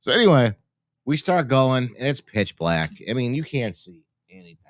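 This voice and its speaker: A man co-hosting a live show, telling a long story in casual chat with halting restarts. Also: medium pitch, sing-song.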